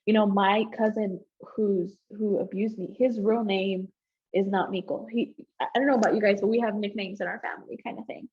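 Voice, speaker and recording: An abuse counselor and youth mentor shares her personal testimony with a church group in a brisk, husky, narrow medium-pitched voice over tinny audio. Animated and informal, she acts out remembered dialogue, laughs often, and speaks straight to the audience, calling them y'all and guys.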